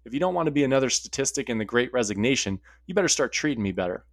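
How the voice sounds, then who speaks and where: A man's voice: mid-range voice, expressive, very fast, dry recording, studio quality. A man voicing a tired, annoyed male cave monster who grumbles in a weary, put-upon way. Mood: grumbling.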